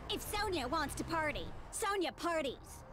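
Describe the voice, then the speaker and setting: A brassy, flirty TV reporter. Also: female voice, high voice, big pitch swings, normal speed, noisy background. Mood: haughty. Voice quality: flirty, brassy, calls others sugar and honey. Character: brash glamorous female TV news reporter. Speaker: news reporter.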